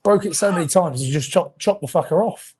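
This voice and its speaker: A man's voice: sits high, brisk, darkish tone, husky. A man in his thirties, a podcast co-host, telling rambling comic stories in casual chat and swearing freely.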